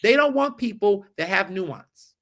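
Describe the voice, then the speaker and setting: A man talking as a podcast guest in casual chat, emphatic and animated, repeating points for effect. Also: high voice, measured pace, gravelly.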